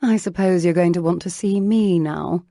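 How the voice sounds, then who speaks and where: A woman narrator voicing an eager, candid young bookish woman, lifting her voice for the heroine's breathy questions. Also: lowish voice, normal speed, warm tone, no room sound, studio quality, natural voice. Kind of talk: audiobook character voicing.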